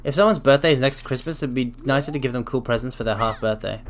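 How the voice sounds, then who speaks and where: Game streamer rambling along while they play, middle-pitched, goofy sound effects thrown in, faint hiss behind. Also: fast. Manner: rambling and playful, drops into silly sound effects. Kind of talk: casual game commentary.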